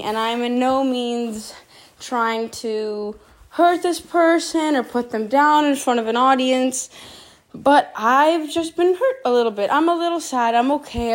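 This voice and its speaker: A woman hosting her own podcast in a casual, wry monologue, a little out of breath and often clearing her throat. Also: sits high, measured pace. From Montreal. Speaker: podcast host.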